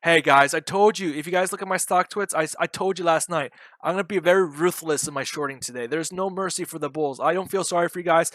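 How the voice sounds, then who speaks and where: A man's voice: a little high, fast, few pauses, a bit bright, no echo. Brash young man streaming live trades. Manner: brash, joking, swearing banter with chat. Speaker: day trading streamer. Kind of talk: live trading commentary.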